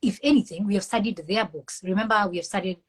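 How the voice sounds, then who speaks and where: A woman's voice: mid-range voice, fast talker, low-quality recording. A woman with a Kenyan accent, a mental health professional speaking earnestly and passionately as an interview guest. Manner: earnest, impassioned, preachy. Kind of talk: conversational interview.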